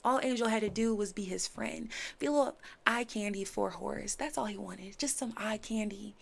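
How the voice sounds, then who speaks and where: A woman reviewing a series in casual chat, animated, acting out characters' lines as she recaps. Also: mid-range voice, moderate pace, gravelly. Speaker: show reviewer.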